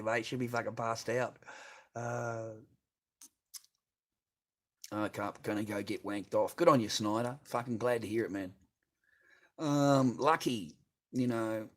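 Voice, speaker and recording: Foul-mouthed Australian man, lowish voice. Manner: profane, bitter, rambling, swears constantly. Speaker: livestreamer reading chat. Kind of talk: casual rambling livestream chat.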